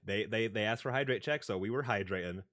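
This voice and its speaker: On the low side and a bit bright, this young livestreamer's voice comes fast as he chats casually into a desk microphone at home. He rambles, leans on fillers, and often backs up to restart or correct himself.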